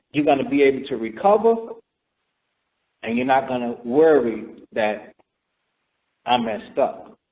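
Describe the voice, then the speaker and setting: A man teaching scripture in a sermon, repeating himself and asking "right?" and "okay?" as he goes. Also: mid-range voice. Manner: repetitive, calls for responses with "right?" and "okay?". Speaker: teacher leading scripture study. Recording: dull lo-fi recording.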